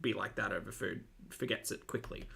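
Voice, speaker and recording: Gravelly, bright sarcastic host. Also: sits low, fairly quick, a little hiss or hum. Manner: dry, mocking and sarcastic. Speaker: commentary channel host reacting to videos. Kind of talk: sarcastic reaction commentary.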